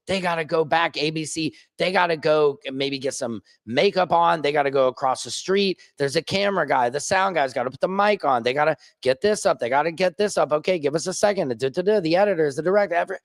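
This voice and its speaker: A man vlogging as an independent journalist, ranting casually and joking, swinging between high excited bursts and low mutters. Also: quick pace, few pauses, no echo. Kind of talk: casual vlog rant. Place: rooftop.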